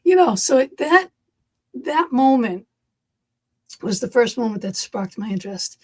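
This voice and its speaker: A middle-aged woman, a podcast host, telling a personal story in an animated, chatty way and laughing along. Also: fairly high pitch, measured pace, slightly rough. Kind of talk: casual podcast conversation.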